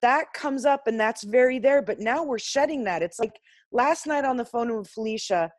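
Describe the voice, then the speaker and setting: A woman speaks to a spiritual group over a video call, her voice sitting fairly high. She is blunt and emphatic and swears without a second thought. The sound is dry and close, with no room around it. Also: moderate pace, dry recording. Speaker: class participant sharing insights. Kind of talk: impassioned spiritual group talk.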